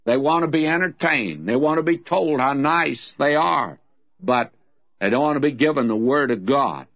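Older Southern man, radio Bible teacher, folksy and emphatic, lively pitch, dull old radio recording. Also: normal speed, no room sound. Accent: Southern American.

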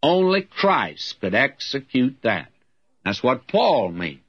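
Slow folksy preacher with a dull, lo-fi sound. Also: male voice, mid-range voice, big pitch swings, husky. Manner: folksy storytelling preacher, addresses listener as "my friend". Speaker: radio Bible teacher. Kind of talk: sermon.

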